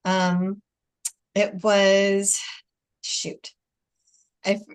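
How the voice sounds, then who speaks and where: A chatty American woman in her forties talks over a video call. She spins anecdotes, breaks into laughter often and acts out both sides of a conversation. Her pitch sits in an ordinary middle range. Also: completely flat delivery, drawn-out words, smooth. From United States. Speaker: host. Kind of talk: casual chat on a video call.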